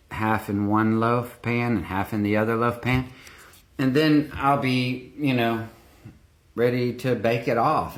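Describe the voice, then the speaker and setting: A man casually chatting through a home baking vlog, rambling with little asides. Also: medium pitch. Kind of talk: casual chat. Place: home baking room, indoors. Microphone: phone, sometimes earbuds.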